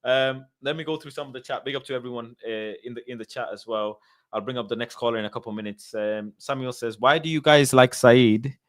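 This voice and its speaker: A man's voice: mid-range voice, steady tone, fast, a bit bright, no room sound. Guy running a call-in stream, emphatic, keeps repeating himself, dry close sound. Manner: emphatic, repeats points for stress. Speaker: call-in show host. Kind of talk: casual chat reading viewer comments.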